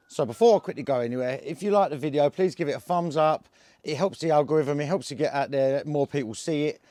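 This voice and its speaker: Speaking in a mellow, fairly high voice, a cannabis vlogger from England with an Essex accent rambles through a casual, slang-heavy story to camera, often restarting. The recording is dry.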